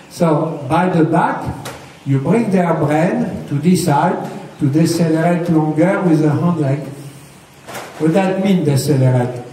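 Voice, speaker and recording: A man's voice: a little high, dark tone. A man giving a hands-on riding lesson, patiently explaining step by step and checking for understanding. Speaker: riding instructor. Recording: echoey, distant mic with faint noise.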